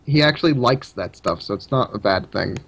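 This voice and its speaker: A man's voice: fairly low pitch, lively intonation, brisk, vocal fry, a bit bright, slightly rough. A man co-hosting a casual gaming podcast, teasing the others and laughing often. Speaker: podcast co-host.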